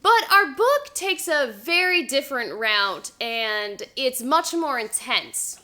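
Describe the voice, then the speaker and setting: Her high voice swings widely in pitch, slow-paced, bright and forceful, as she chats in a vlog comparing a book to its TV adaptation. She recounts the plot in a relaxed way, hedging with fillers.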